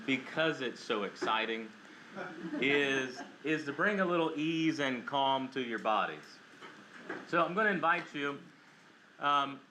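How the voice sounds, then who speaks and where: A man, a chaplain, gently guiding a group through a breathing exercise, calm and lightly joking. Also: mid-range voice. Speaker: chaplain and guest speaker. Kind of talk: guided breathing exercise and talk. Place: church hall, without a mic. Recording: echoey hall with noise.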